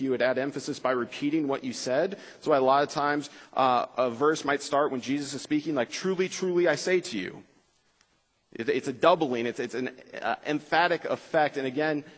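Male pastor, relaxed Bible-class teacher, slightly high-pitched, recorded with a long gym echo. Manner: relaxed, frequent uh fillers, slows for scripture reading. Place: school gym with bleachers.

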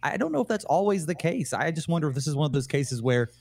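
Thoughtful pastor musing aloud. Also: male voice, fairly high pitch, very animated, fast, gravelly, a little mellow. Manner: thoughtful, tentative, many fillers. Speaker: pastor, guest. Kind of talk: conversational Bible study discussion.

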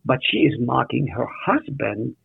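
A man's voice: medium pitch, unhurried, creaky, breathy edge, dry recording. A man teaching a Bible study, asking his listeners questions as he goes through the text. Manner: animated, asks the listeners questions. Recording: tinny phone-like radio audio.

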